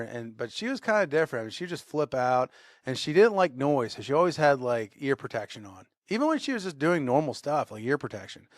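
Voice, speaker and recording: A man co-hosting a podcast, telling a workplace story in a lively way and acting out the shouting. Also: medium pitch, no room sound, studio quality. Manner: animated storyteller, acts out shouted quotes. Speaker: podcast co-host. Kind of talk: casual storytelling.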